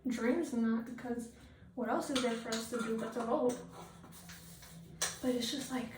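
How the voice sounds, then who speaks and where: A woman's voice: on the high side, steady tone, moderate pace, pauses often. A woman ranting bluntly and with a lot of swearing while doing her makeup for a get-ready-with-me video, often trailing off into fillers. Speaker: vlogger. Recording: echoey room, distant mic, faint noise.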